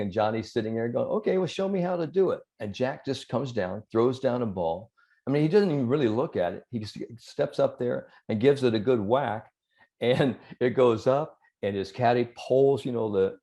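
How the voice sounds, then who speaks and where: A man, a sports psychologist, talking as an interview guest and telling anecdotes in a lively, chuckling way. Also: lowish voice. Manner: animated storyteller, chuckles through anecdotes. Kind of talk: conversational interview storytelling.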